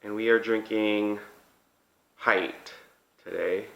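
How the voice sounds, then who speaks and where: A man's voice: on the low side, steady tone, takes it slowly, gravelly, a bit bright. Man, vlog host, casual mukbang chat, chatty, upbeat, roomy echo.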